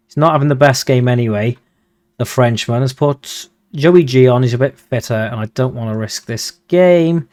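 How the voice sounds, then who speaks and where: A man giving casual, excitable commentary over a football management game, swearing when he gets frustrated. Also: medium pitch. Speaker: video game streamer.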